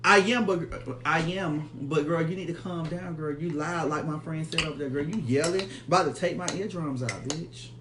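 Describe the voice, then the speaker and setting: Man, from Florida, sassy teasing banter, higher pitch, faint background noise. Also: normal speed, hardly any pauses. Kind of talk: casual live chat.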